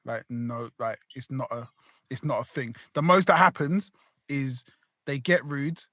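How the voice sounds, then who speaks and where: Bright, dry-voiced sweary man. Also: mid-range voice, measured pace, dry recording. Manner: animated, sweary storyteller. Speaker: podcast co-host. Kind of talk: casual chat.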